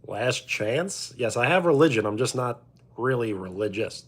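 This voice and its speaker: A man's voice: mid-range voice, lively intonation, moderate pace, breathy edge. A man with a New York accent, streaming casually and answering his chat's comments. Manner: reads out and answers chat comments. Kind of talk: casual livestream chat.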